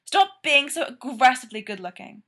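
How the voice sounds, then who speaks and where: A woman's voice: sits high, lively intonation, moderate pace, a bit bright, pitched above the performer's own voice. Woman doing a jittery, sarcastic young guy, raised and breathless. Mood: eager. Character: excitable wisecracking male character, quick and breathless.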